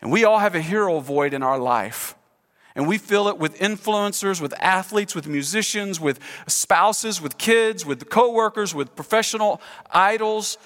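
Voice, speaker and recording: High-voiced animated male pastor preaching. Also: unhurried. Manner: animated, acts out quoted speech, leads congregation in call-and-response. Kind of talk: sermon. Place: church sanctuary. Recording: long hall reverb in church.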